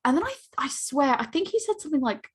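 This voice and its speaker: A woman's voice: high voice, big pitch swings, fast talker. An American woman co-hosting a podcast in casual chat, rambling with lots of "like". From United States. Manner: rambling, heavy use of "like". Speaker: podcast co-host.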